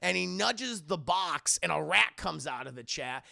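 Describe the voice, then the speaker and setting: A male streamer tells an episode recap with big swings of pitch and a bright, strained tone. He swears freely and laughs through the story. A heavy gravelly fry sits under his voice. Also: unhurried. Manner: animated, profane, laughing storyteller. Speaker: TV review streamer.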